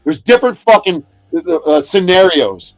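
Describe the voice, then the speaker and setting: A high-pitched man rants at his livestream chat from inside a motorhome, swearing constantly and cursing at viewers. His voice is close and completely dry, and faint music plays behind him. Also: expressive, normal speed, no echo. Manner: profane, aggressive, shouts at chatters. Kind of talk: angry livestream rant.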